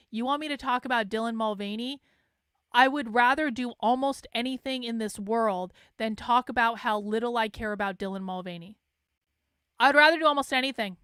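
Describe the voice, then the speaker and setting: High-voiced blunt, swearing woman. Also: clear, resonant tone, no echo, studio quality. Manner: blunt and exasperated, swears freely; mocks others in flat mimicking asides. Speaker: online commentator host. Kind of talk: casual monologue.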